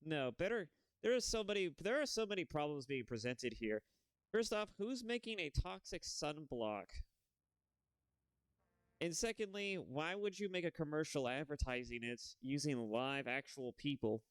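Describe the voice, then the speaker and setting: A man's voice: on the high side, animated, moderate pace, smooth, no echo, clean studio sound. A man commenting on a video game he is playing, in a sarcastic, rambling, incredulous way. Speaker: let's play host. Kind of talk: gameplay commentary.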